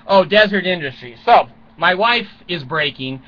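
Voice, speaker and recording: A man's voice: high voice, expressive, a little slow, dull audio. An older man rambling through a crude, self-mocking comic monologue from a small closet at home, chuckling often. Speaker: vlogger.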